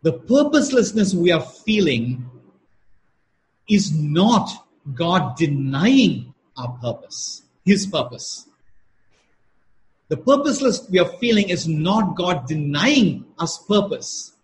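A man preaching a sermon at a slow, emphatic pace, repeating key phrases for weight. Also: high voice, big pitch swings, rough recording. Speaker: pastor.

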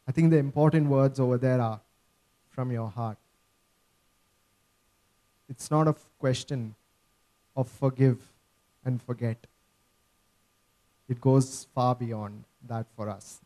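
A man's voice: medium pitch, steady tone, a little slow, pauses often, mellow. A man preaching a sermon, earnest and emphatic, often checking in with his listeners.

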